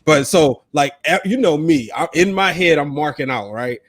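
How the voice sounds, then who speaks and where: A man with a fairly high voice co-hosts a casual podcast. He tells stories in an animated way, full of fillers. His voice sounds dry and close, with no room echo. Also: normal speed. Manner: animated, filler-heavy storyteller. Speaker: podcast co-host. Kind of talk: casual chat.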